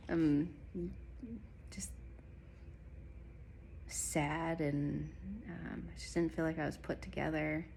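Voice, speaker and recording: Low-voiced woman telling a personal story. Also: gravelly, slight background noise. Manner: soft, halting, many ums and pauses. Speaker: spiritual vlogger.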